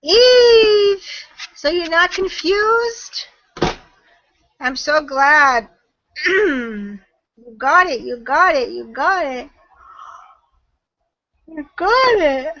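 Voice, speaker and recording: Woman guest, webinar Q&A over video call; high, bright, slow and chatty, trails off. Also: expressive, lo-fi sound. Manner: chatty, laughs often, trails off mid-sentence. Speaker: guest marketing trainer. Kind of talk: webinar Q&A chat.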